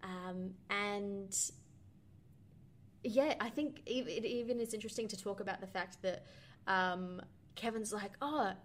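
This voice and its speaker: Young female podcast co-host, average pitch, rambling and thoughtful, faint noise behind. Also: unhurried. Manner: thoughtful, rambling with many ums and likes. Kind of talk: casual film discussion.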